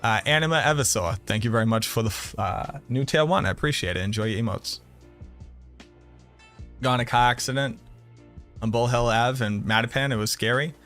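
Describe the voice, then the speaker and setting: A man's voice: mid-range voice, fairly quick, fairly bright tone, faint music behind. A man from the Boston area with a Boston accent, chatting casually and brashly with viewers on a game livestream, swearing and joking. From Boston area, USA. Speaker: game streamer.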